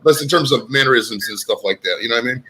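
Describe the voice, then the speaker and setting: A man's voice: medium pitch, quick pace, over a noisy crowd. A man in his thirties joking around in casual live-stream chat, fond of silly impressions. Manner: jokey, does silly impressions. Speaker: panelist.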